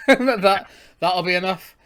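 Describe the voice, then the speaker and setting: A man's voice: high-pitched, takes it slowly, a bit bright. A man co-hosting a podcast, chatting casually and swearing freely. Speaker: podcast co-host. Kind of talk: casual chat.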